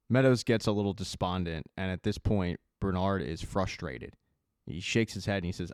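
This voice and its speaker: A man narrating a casual recap of a TV season, telling the plot in a conversational way with quick asides. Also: low-pitched, darkish tone, dry recording, studio quality. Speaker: recap host.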